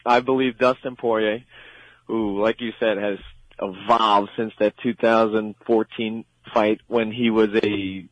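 A man's voice: fairly low pitch, little pitch movement, measured pace, no room sound. Opinionated Long Island man on sports radio. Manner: emphatic, opinionated, repeats "I believe". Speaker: guest fight analyst. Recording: dull lo-fi radio sound.

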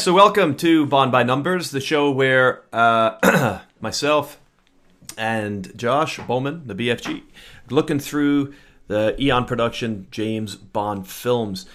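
A man's voice: mid-range voice, takes it slowly, fairly bright tone. A man hosting a casual podcast, chatty and upbeat, talking loosely with plenty of filler words. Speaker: podcast host.

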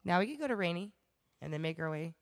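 A woman co-hosting a podcast in casual group chat, excitable and enthusiastic, quick to pitch ideas. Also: no echo, clean studio sound. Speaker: podcast co-host.

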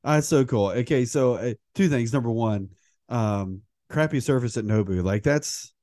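A man's voice: medium pitch, normal speed, dark tone, dry recording, clean studio sound. A middle-aged man co-hosting a podcast, talking in a chatty, joking way. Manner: chatty and joking, with frequent restarts and laughs. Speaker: podcast co-host. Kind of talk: casual conversational podcast chat.

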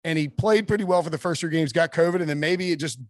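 A man talking casually as a sports writer guest on a podcast, rambling with quick asides and restarts. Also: on the high side, dry recording, studio quality.

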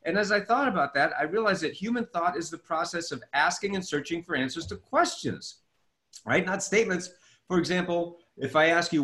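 Middle-aged male author-coach, animated storyteller, interview guest. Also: high-pitched, fairly quick. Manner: animated storytelling, acts out his own past dialogue. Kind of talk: interview conversation.

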